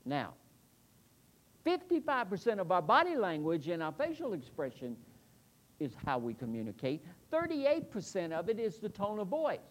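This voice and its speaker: Emphatic male pastor with lively pitch. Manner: earnest, emphatic, slows down to stress figures. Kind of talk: sermon.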